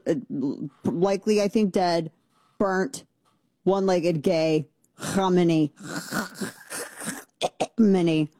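A woman's voice: on the low side, dark tone, dry recording. Sarcastic rambling woman radio host. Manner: sarcastic, rambling, self-mocking. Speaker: radio talk show host. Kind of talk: talk radio monologue.

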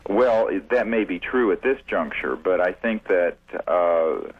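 A man being interviewed on the radio as a UFO researcher, talking deliberately with many fillers and restarts. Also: sits low, animated, husky. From United States. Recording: tinny phone line.

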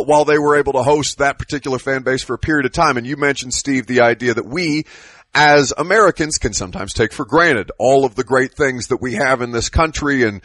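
A male co-host musing about sports fans in a thoughtful, halting way, often repeating words as he thinks. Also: medium pitch, fairly bright tone, no echo. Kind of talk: casual sports talk.

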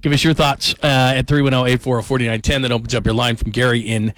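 A man hosting a sports talk radio show, upbeat and brisk as he invites callers. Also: mid-range voice, level tone, a bit bright, no echo. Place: radio studio. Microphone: studio microphone.

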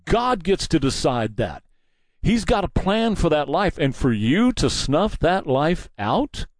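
A man's voice: a little high, darkish tone, no echo. A man hosting a combative, mocking political commentary monologue.

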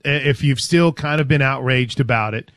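A man hosting a sports talk show, animated and joking as he chats with his co-host. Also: mid-range voice, normal speed, no room sound, clean studio sound.

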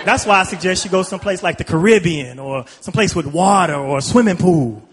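A man's voice: high-pitched, expressive, a little fast. A stand-up comedian from Chicago, a man, talking loosely and chattily to the crowd. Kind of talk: stand-up set to a live crowd. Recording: live club with reverb and crowd.

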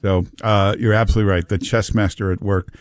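A man's voice: lowish voice, steady tone, a little fast, dry recording. A man hosting a call-in talk radio show, chatty and teasing, repeating himself for emphasis. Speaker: radio talk show host taking calls. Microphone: studio microphone.

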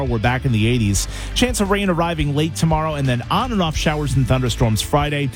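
A man delivering a scripted radio weather forecast in an upbeat, reassuring tone. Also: on the high side. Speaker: meteorologist.

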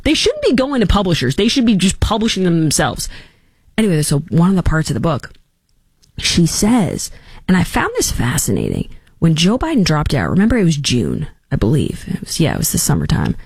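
A woman's voice: lowish voice, wildly swooping pitch, brisk, a little mellow, husky, dry recording. A woman hosting a talk show, giving sarcastic, emphatic political opinions. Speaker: talk radio host.

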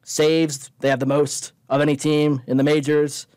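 A man's voice: on the high side, little pitch movement, moderate pace, darkish tone, clean tone, no room sound. A young man co-hosting a sports talk show, arguing earnestly and citing statistics. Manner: stat-heavy, earnest arguing. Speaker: radio show co-host. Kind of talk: casual sports chat.

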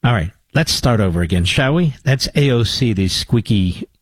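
A man's voice: mid-range voice, lively intonation, fairly quick, slightly rough, dry recording. An older man hosting a talk radio show, with a combative, sarcastic monologue and mocking asides to his producer.

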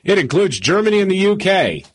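A man co-hosting a radio talk show, reading news items in a relaxed way with fillers and chuckles. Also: high voice, fairly quick, slightly rough.

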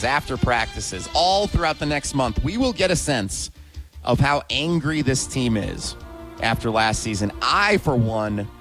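A man co-hosting a sports talk radio show, asking rhetorical questions with an emphatic, energetic delivery. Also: medium pitch.

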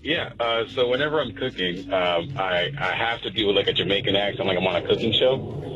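A man's voice: fairly low pitch, a little fast, muffled recording, over music. A man calling in to a radio show, talking in a laid-back, easygoing way. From Hispanic background. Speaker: caller. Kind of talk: casual chat.

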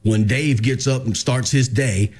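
A man's voice: medium pitch, a little slow, faint music behind. A man, hosting a radio show and telling a story in casual chat, acting out the lines of the people in it. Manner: animated, acts out quoted dialogue.

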